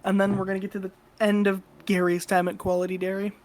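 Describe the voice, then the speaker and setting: A woman recounts a story on a podcast in a loose, conversational way. She is blunt and swears freely, with a voice sitting in a middle pitch. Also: fast. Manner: profane, blunt and animated. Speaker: podcast co-host. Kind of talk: casual storytelling.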